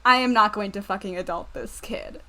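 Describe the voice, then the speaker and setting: A woman's voice: mid-range voice, moderate pace, pushed and bright. A woman streaming a game with a friend, chatting casually, swearing and laughing, and reading out a game guide. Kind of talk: casual gaming stream chat. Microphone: desk mic picking up the room.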